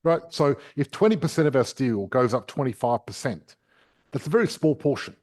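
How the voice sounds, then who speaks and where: A man's voice: mid-range voice, sing-song, a little fast, a little mellow. A man hosting a property podcast, explaining investing step by step in a chatty, casual way. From Australia.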